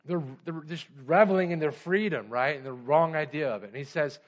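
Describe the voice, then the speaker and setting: A man's voice: a little high, fairly quick, few pauses. A man preaching a sermon as pastor, pressing his points with urgent emphasis and slipping into conversational storytelling.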